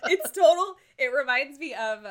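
A woman's voice: high-pitched, normal speed. A woman co-hosting a podcast, chatting casually with lots of laughter and playful quoting of characters. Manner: giggly, animated, quotes characters in playful voices. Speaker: podcast co-host recapping a TV episode. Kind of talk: casual chat.

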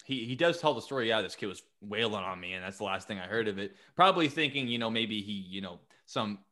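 Male podcast host, lively storyteller, swears, acts out quotes. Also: on the low side, fast talker. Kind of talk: casual chat.

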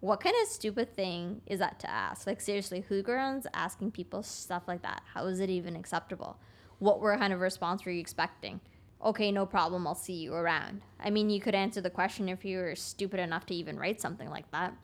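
A woman's voice: on the low side, fairly quick. A young woman guest on a podcast, a construction taper, talking bluntly and casually and acting out both sides of conversations as she tells stories. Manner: blunt, animated storyteller acting out dialogue.

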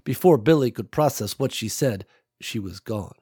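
A man narrating an action audiobook in a measured, dramatic way. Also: mid-range voice, animated, warm tone, husky, dry recording, studio quality.

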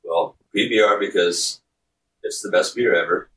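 A man's voice: low-pitched, moderate pace, fairly bright tone, far from the mic. A man with a light Southern American accent, a laid-back podcast guest chatting casually over a video call. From Southeastern United States. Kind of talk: casual chat. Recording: roomy sound from off the mic.

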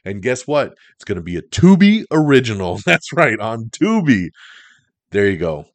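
A man's voice: mid-range voice, very animated, normal speed, dry recording. A man hosting a casual entertainment news rundown, chatty and opinionated with lots of fillers. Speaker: host of an entertainment news show.

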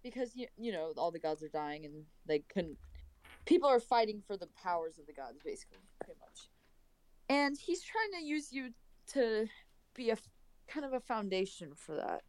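A woman in a casual tabletop role-play session who talks in a chatty, hesitant way, often restarting her sentences. Her pitch sits in an ordinary middle range, and the recording is dry, with almost no room echo. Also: big pitch swings, normal speed, a little mellow. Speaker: player.

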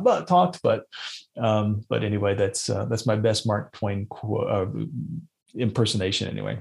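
A man's voice: on the low side, moderate pace, creaky. A man hosting a podcast, giving casual how-to advice with frequent fillers and restarts. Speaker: podcast host. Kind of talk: casual instructional podcast talk.

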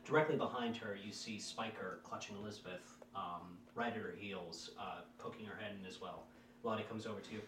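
A man's voice: on the low side, fairly quick, a little hiss or hum. Game master man narrating, roomy and distant. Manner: relaxed narration full of ums and uhs.

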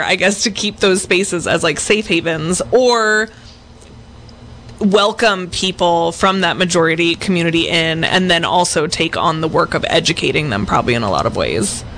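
A woman hosting a podcast, interviewing guests with eager, quick questions. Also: fairly low pitch, fairly bright tone, slight background noise. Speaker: podcast host.

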